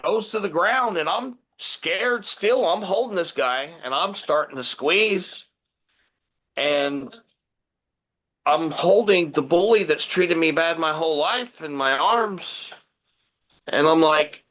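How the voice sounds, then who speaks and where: A man, a guest pro wrestler, telling a personal story in animated podcast chat and acting out the dialogue. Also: a little high, unhurried, low-quality recording. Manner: vivid retelling that acts out the dialogue.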